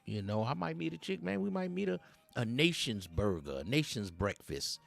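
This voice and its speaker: Male host, streetwise uncle type, preachy and rambling, very animated delivery, faint music bed. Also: mid-range voice, moderate pace, vocal fry. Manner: animated, chuckles between points. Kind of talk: satirical dating advice monologue.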